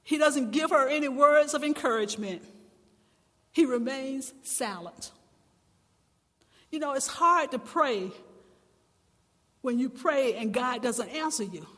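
Woman pastor, high bright voice, fervent sermon delivery, long church-hall reverb. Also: lively intonation, slow, pauses often. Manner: impassioned, swelling to loud emphatic cries. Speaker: preacher.

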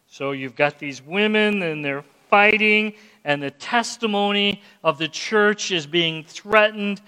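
High-voiced man preaching slowly in a hall. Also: pushed and bright, clear, resonant tone. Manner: earnest preaching with repeated words and fillers. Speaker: pastor. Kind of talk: sermon.

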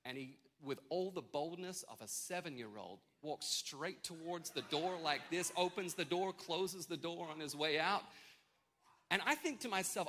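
A pastor in his thirties preaches to his congregation and opens with a comic family story told against himself. His voice sits a little high and rings bright and forward. He delivers the story with animated, self-mocking energy. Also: moderate pace. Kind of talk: sermon with a personal story. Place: church service with congregation.

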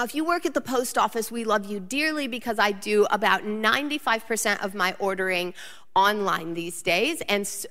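Woman preaching in an echoing hall. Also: medium pitch. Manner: animated, building to emphatic lists. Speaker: pastor. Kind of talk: sermon with storytelling.

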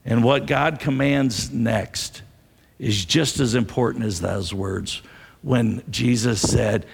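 A man's voice: mid-range voice, slow, vocal fry, breathy edge. A man preaching a sermon to his congregation, an earnest storyteller who repeats key phrases for weight. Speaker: pastor. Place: church sanctuary. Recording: long reverb of a large hall.

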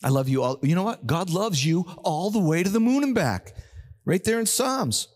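A man's voice: high voice, very animated. Older male pastor preaching emphatically. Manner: emphatic, slows and repeats key words. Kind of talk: sermon.

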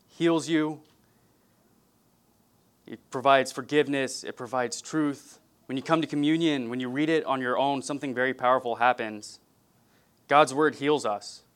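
Man preaching a measured, earnest sermon. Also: mid-range voice, fairly bright tone, smooth. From California. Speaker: pastor.

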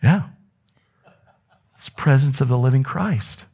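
A man preaching a sermon as a pastor in a church, telling stories with wide swings in pitch and dropping now and then to a whisper. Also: measured pace, creaky, mellow, husky. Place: church sanctuary.

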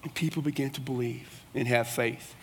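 A man's voice: mid-range voice, steady tone, normal speed, fairly bright tone, slight background noise. A man preaching a sermon in a folksy, conversational way. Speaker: pastor. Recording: long reverb of a large hall.

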